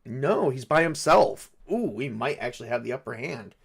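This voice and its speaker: Sex: man. Role: solo game master. Style: narrating a tabletop game. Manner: muses aloud, hesitant, full of fillers. Pitch: middling. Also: lively intonation, normal speed, gravelly, breathy edge.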